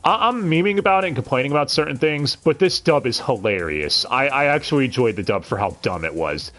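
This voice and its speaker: A man's voice: medium pitch, lively intonation, a little fast, a bit bright, soft background music. A man reviewing an anime dub on a live stream, talking casually with frequent stammered restarts and blunt, profane sarcasm.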